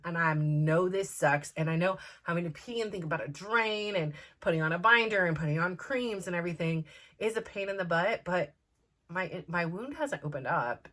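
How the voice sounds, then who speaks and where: A woman's voice: fairly low pitch, a bit bright. Woman in her 40s, vlog host, candid casual chat, talks with lots of "like". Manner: candid and chatty, full of "like" fillers.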